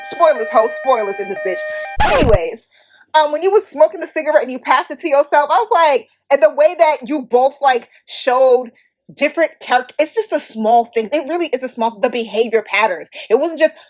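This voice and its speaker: A Haitian-American woman hosting a podcast, giving a blunt, profane, animated movie review in casual talk. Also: high-pitched, brisk, soft background music. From United States. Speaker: podcast host.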